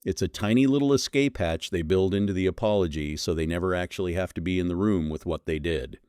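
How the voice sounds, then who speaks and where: A man's voice: deep voice, quick pace, a little mellow, no echo, clean studio sound. A man delivering a scripted commentary monologue, blunt and scornful, leaning hard on single words. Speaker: commentary host.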